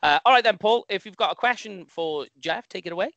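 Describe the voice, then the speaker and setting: A British man hosting a casual podcast, calmly passing questions on to his guests and calling them "mate". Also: high voice, fast talker, no room sound, muffled recording. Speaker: podcast host.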